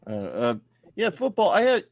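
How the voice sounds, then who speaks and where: A man doing a deadpan stand-up set over a video call from home, trailing off into quiet, self-deprecating mumbles. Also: high voice, normal speed. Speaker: stand-up comedian at open mic.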